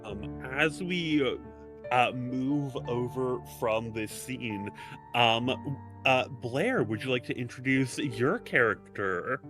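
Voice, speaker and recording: Game master, relaxed and hesitant, casual narration. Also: male voice, mid-range voice, takes it slowly, soft background music.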